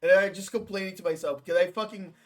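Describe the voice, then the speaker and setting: A man's voice: high-pitched, fairly even intonation, fast talker. A young man in his twenties, a podcast host telling a story in rambling casual chat, swearing often. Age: 20s. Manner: rambling, swears a lot, acts out quotes.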